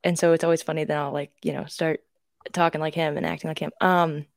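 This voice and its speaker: A woman's voice: deep voice, flat delivery, fast, gravelly, dry recording, studio quality. A young woman co-hosting a podcast, telling rambling stories in casual chat with lots of fillers and restarts. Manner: chatty storyteller with many fillers and restarts. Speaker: podcast co-host.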